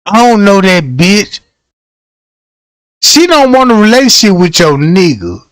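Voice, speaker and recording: A man's voice: high-pitched, big pitch swings, a little slow, no room sound. A man hosting a livestream, telling comic stories in casual slang, laughing often and acting out the people he quotes. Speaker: livestream host.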